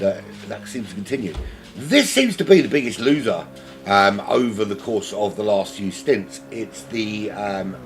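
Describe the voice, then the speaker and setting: Deep-voiced South London man commentating. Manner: rambling, self-mocking, chatty asides. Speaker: sim racing commentator. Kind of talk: solo race commentary. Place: home.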